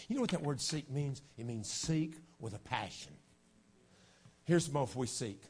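A man in his fifties preaching a sermon as pastor, folksy and joking, swinging from quiet asides to shouting. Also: medium pitch, animated, moderate pace, slightly rough. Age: 50s.

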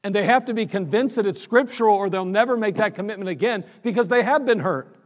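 A high-pitched, fast-talking man preaches a sermon as a pastor in a church sanctuary, using a conversational style. He reads scripture aloud and acts out little everyday scenes, and the recording carries the long reverb of the sanctuary.

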